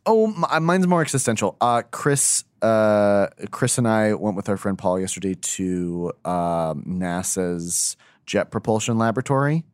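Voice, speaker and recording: A man's voice: on the low side, animated, a little slow, few pauses, smooth, no echo, clean studio sound. A man co-hosting a podcast, talking casually with a hesitant, meandering manner. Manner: hesitant, full of fillers and asides. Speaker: podcast co-host. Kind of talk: casual chat.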